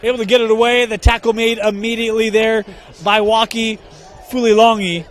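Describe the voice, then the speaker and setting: A play-by-play announcer with a notably high voice and a flat delivery calls live football in short, brisk bursts. Between downs he banters and trades jokes with his co-host, broadcasting live from a stadium press box.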